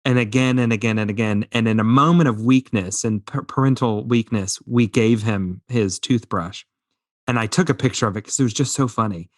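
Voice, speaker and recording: A man's voice: mid-range voice, fairly quick, no echo, studio quality. A man in his thirties co-hosting a podcast, telling a family story in casual chat, acting out his toddler and laughing as he goes. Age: 30s. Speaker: podcast co-host.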